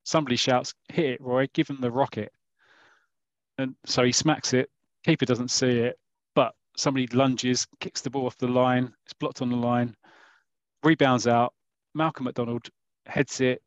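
A man's voice: mid-range voice, fairly even intonation, normal speed, no echo. A man with a South East London accent, telling a comic story as rambling mock football commentary on a podcast. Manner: rambling, with self-interrupting restarts and asides. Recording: dull lo-fi recording.

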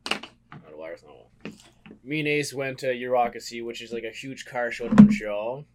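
A man's voice: mid-range voice, lively intonation, moderate pace, background noise. A young man co-hosting a podcast, chatting easily, laughing often and saying "like" a lot. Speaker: podcast co-host. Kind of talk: casual podcast chat.

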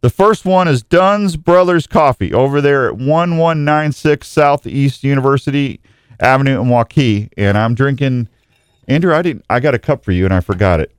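A man's voice: medium pitch, lively intonation, normal speed, clean tone, dry recording, clean studio sound. A male radio show host greeting listeners one by one in a jokey, rambling way, often tripping over his words. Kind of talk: live talk show with listener shout-outs.

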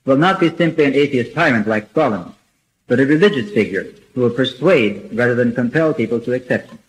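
A man delivers a religious lecture in a steady, earnest voice, reading from prepared notes. His pitch sits in an ordinary middle range. He pauses now and then to clear his throat before the next passage. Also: poor audio. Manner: measured and earnest, reads quotations aloud.

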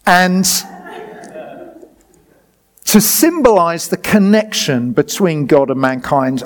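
A man with a fairly high voice, preaching a sermon. He is lively and jokes with the congregation as he explains and directs a demonstration.

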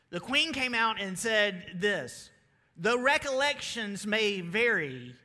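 A man with a Southern US accent preaching a sermon as pastor, energetic and calling out to his congregation. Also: high-pitched. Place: church sanctuary. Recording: long reverb of a large hall.

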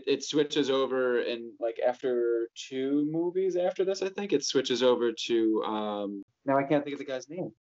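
A man's voice: mid-range voice, lively intonation, normal speed, hardly any pauses, darkish tone, muffled recording. A man co-hosting a casual movie chat, teasing and wordy, sometimes trailing off to search for names. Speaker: podcast co-host.

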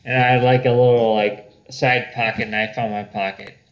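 A man's voice: mid-range voice, little pitch movement, normal speed, poor audio. A man casually telling stories among friends, loose and laughing, peppered with "dude" and "like.". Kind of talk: casual storytelling chat.

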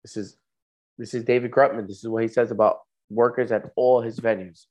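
A man's voice: mid-range voice, steady tone, fairly quick, darkish tone. A man co-hosting a casual podcast, telling stories in a laid-back way and swearing now and then. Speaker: podcast co-host. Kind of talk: casual chat.

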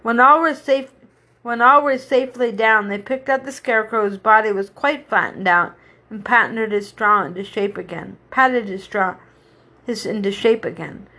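A woman reads a children's story aloud with a slightly high voice. Her reading is unpolished, and she often stops to restart a line. The pace is steady and plain. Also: normal speed. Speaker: reader.

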